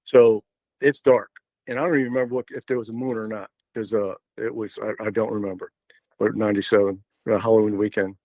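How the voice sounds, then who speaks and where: A man's voice: on the low side, fairly even intonation, a little fast, darkish tone, dry recording, low-quality recording. An older man, a podcast guest telling a story in a loose, rambling way with many fillers and restarts. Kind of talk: casual storytelling.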